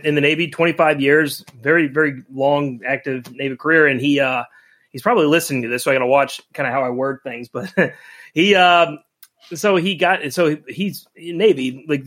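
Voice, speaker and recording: A middle-aged man telling a personal story in a casual podcast chat, animated and emotional, acting out quoted lines. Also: on the high side. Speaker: podcast co-host.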